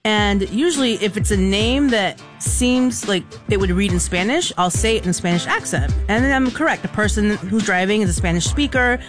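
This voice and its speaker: A woman's voice: medium pitch, normal speed, hardly any pauses, soft background music. A woman co-hosting a radio show, telling a long story in casual banter and acting out the voices of the people in it. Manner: animated storyteller, acts out quoted voices. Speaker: radio co-host.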